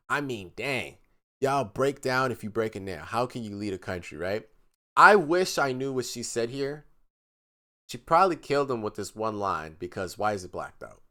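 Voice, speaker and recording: A man streaming live, reacting to text messages in casual commentary, mocking and animated, reading quotes in a flat voice. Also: mid-range voice.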